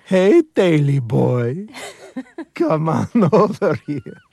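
A man voicing a manic, wide-eyed male dog with an Eastern European accent, scheming against his own tail in drawn-out, gleeful tones. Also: wildly swooping pitch, creaky, mellow, no room sound, exaggerated voice. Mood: coaxing. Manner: high-pitched, drawn-out, gleeful wheedling.

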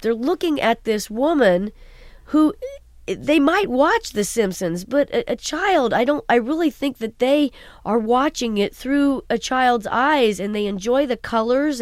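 A voice actress being interviewed, telling stories in an animated way and laughing often. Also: female voice, a little high, no echo, clean studio sound. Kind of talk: casual interview talk.

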